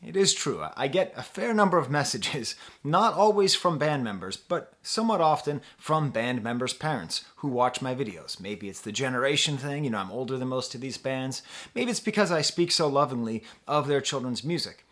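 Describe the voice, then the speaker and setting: A man's voice: mid-range voice, expressive, normal speed, fairly bright tone. A middle-aged American man hosting a music review, talking casually in a chatty, rambling, self-deprecating way with frequent restarts. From United States.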